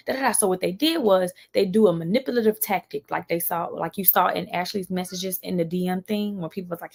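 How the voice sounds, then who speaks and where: A young woman, talking casually on a live stream to viewers, animated and mimicking others in raised voices. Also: lowish voice, quick pace, vocal fry, hardly any pauses.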